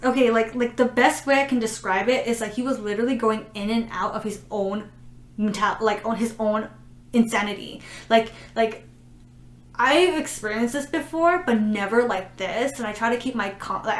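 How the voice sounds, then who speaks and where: A woman's voice: on the high side, moderate pace. A woman co-hosting a podcast, telling stories in a rambling casual way packed with "like" and acted-out quotes, at home. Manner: rambling storytelling full of "like", acting out quotes. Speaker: podcast co-host. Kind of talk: casual chat. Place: room at home. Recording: roomy echo with faint noise.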